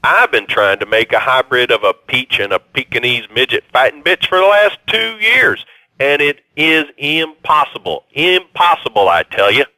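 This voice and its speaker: A man's voice: mid-range voice, big pitch swings, normal speed, sharp tone, no room sound, heavily acted, poor audio. An actor voicing an eccentric male gardener who calls a radio show and rambles insistently.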